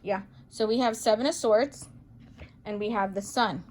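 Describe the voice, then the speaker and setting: A woman reading tarot cards for viewers in a chatty, playful way, excitable and full of pet names. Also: medium pitch, normal speed, a little hiss or hum. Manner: playful, chatty, calls listeners baby girl and boo; excitable, gasps and exclaims over cards. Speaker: psychic medium tarot reader.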